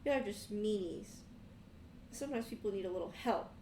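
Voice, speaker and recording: A woman's voice: medium pitch, fairly quick, warm tone, reverberant, distant mic, a little hiss or hum, natural voice. A woman voicing a brash, kind-hearted young tiefling boy who stands up to bullies. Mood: defiant. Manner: scrappy, protective, boastful.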